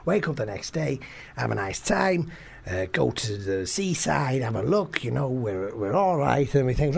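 A man's voice: medium pitch, big pitch swings, normal speed, vocal fry. A man co-hosting a comedy podcast, telling stories in a casual chat, laughing often and swearing freely. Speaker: podcast co-host.

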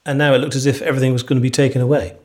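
A man adding quick prompting remarks in a conversational Bible discussion. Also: medium pitch, little pitch movement, darkish tone. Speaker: co-presenter of a Bible podcast.

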